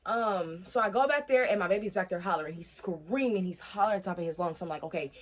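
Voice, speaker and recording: A young woman telling a personal story in a casual vlog, animated and profane, acting out the other people's voices. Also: fairly low pitch, fast talker. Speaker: storyteller vlogger.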